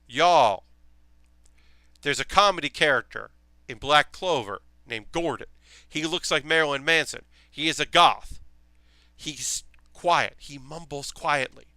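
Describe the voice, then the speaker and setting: A young man talks casually to his stream while he builds, rambling with plenty of ums and offhand swearing. His voice is bright and crisp. The sound is dry, with no room echo. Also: on the high side, measured pace. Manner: rambling, enthusiastic, swears freely, many fillers.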